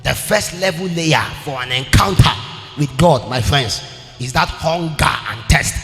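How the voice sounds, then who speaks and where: A man preaches in a high, ringing voice, moving from fervent shouts to a sing-song cadence. His sermon echoes through a large church hall with a long reverb and soft music underneath. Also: lively intonation, a little slow. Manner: impassioned, swings between shouting and sing-song.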